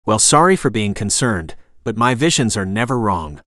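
A man reading the lines of a blunt, impatient female psychic in an audiobook, brisk and exasperated. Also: fairly low pitch, sing-song, fairly bright tone, no room sound, studio quality.

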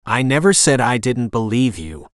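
A gruff, dry-humored immortal warrior, voiced by a male narrator in a storybook. He growls his lines and answers curtly, in a mid-pitched voice. The sound is dry and close. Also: sing-song, normal speed, no room sound, natural voice. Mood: irritated.

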